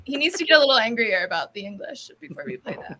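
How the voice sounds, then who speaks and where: A woman's voice: a little high, sing-song, quick pace, a loud crowd. A woman guest on a sports podcast, a soccer writer chatting casually and thoughtfully, hedging with fillers and laughing easily.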